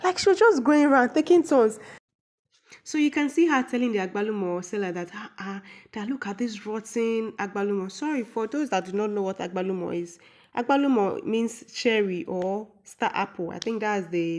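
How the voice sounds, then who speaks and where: A woman's voice: mid-range voice, a little fast, darkish tone. Chatty woman recapping a film. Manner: chatty, opinionated, explains local words. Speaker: movie recap narrator. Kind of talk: casual movie recap commentary.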